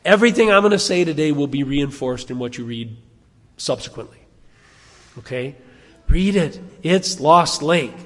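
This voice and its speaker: A man preaching a sermon, animated, asking his congregation rhetorical questions. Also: a little high, in a large hall. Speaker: pastor.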